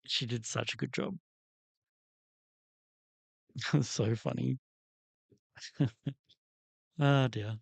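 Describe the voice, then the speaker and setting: A man's voice: medium pitch, fairly even intonation, very slow, creaky, long pauses, breathy edge, no echo, highs cut off. A man hosting a livestream, chatting casually in a rambling, candid way while he works on a doll. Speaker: livestream host.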